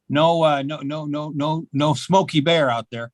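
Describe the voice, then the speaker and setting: Older man, stand-up comic, deadpan and self-mocking, lots of uh fillers, slightly high voice, dry close sound. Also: unhurried, dry recording. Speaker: stand-up comedian. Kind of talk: stand-up set at an open mic. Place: small comedy club.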